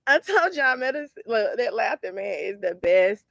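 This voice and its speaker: Brief: woman tarot reader, casual livestream host, fits of laughter, high and very animated. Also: moderate pace, vocal fry, no echo, clean studio sound. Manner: laughing hard, wheezing.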